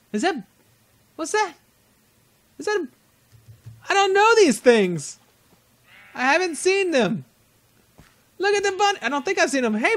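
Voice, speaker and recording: Male let's-play host, high voice, rambling and chatty with frequent laughs. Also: fairly bright tone. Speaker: gaming channel host. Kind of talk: casual let's-play commentary.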